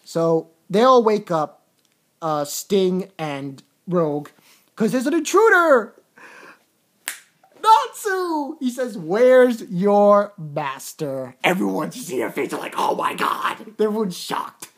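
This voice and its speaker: Low-voiced excitable woman reviewing comics. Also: measured pace. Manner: excitable, repeats words, retells scenes in quoted voices. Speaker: manga chapter reviewer. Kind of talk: casual spoken comic chapter review.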